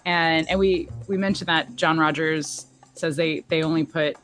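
A woman co-hosting a podcast, chatting casually about a TV episode with frequent laughs and quick asides. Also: sits low, steady tone, fairly bright tone, faint music behind. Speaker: podcast co-host. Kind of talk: casual chat recapping a TV episode.

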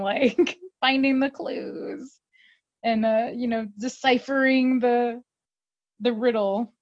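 A woman casually recapping an episode, telling it in an animated way with lots of "like" and laughter. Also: a little high, slow pace, dry recording. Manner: animated storytelling with many fillers and laughs. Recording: dull, slightly muffled dry audio.

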